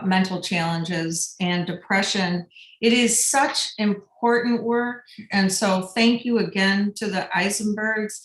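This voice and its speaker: A woman's voice: on the low side, reverberant. A woman who is a university regent, giving earnest and thankful remarks at a board meeting, with some fillers.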